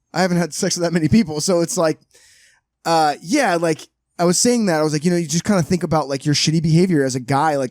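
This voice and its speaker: A man co-hosting a podcast, telling stories in fast, profane, joking banter. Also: fairly high pitch, a little mellow, dry recording, studio quality. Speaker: podcast co-host. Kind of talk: casual podcast chat.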